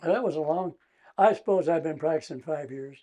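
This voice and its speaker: An older man with a Midwestern American accent, a retired trial lawyer telling courtroom stories in a casual interview, laughing often and acting out his own shouting. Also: on the high side, brisk, no echo.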